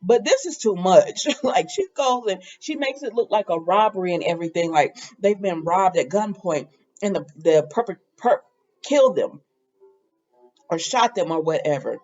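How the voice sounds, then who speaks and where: A woman hosting a casual soap opera recap, chatty and animated, with laughing asides. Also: fairly low pitch, moderate pace, lo-fi sound.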